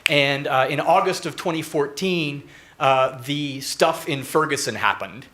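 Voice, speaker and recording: A man's voice: a little high, sharp tone. A young man from Northeast Texas who asks a panel a question from the audience and keeps stopping with fillers. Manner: halting, many fillers. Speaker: audience member asking a question.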